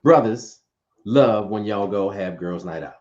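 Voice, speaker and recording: A man in casual relationship talk, playful and lively, often repeating words as he gets going. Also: lowish voice, unhurried, muffled recording. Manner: animated, playful, repeats words when excited.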